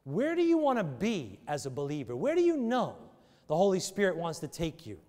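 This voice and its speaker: In a church sanctuary, a pastor preaches a sermon and leads an altar call, hammering his points with emphatic, repeated rhetorical questions. His high, darkish voice swoops wildly in pitch at a brisk pace, with long church hall reverb.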